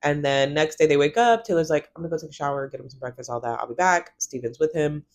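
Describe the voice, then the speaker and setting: A woman's voice: low voice, fast talker. Woman, 30s, TV-recap vlogger; casual, gossipy, swears, quotes characters. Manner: chatty, swears, acts out characters' lines.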